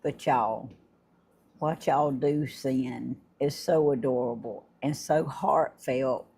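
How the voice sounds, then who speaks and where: An older woman, hosting a casual livestream and chatting warmly and effusively with her viewers, laughing often. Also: a bass voice, slow, gravelly, breathy edge. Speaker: livestream host. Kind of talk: casual live chat unboxing gifts.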